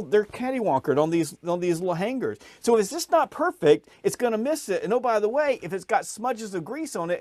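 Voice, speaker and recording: Animated storytelling man, dry close sound. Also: no echo. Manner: lively storyteller, acts out voices, rises in pitch when excited. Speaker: podcast guest, sales author.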